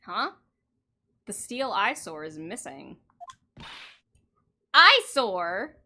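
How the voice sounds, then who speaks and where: A woman's voice: mid-range voice, big pitch swings, extremely slow, sharp tone, slight background noise, voice pushed down, full character voice. A woman reading an earnest young lawyer. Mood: puzzled.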